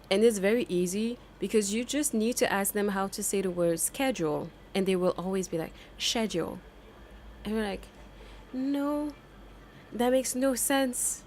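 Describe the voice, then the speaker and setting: This is a woman giving casual gameplay commentary, chatting away at a middle pitch. She rambles and jokes, swearing now and then with a laugh. A faint hum of room ambience sits behind her voice. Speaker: game streamer.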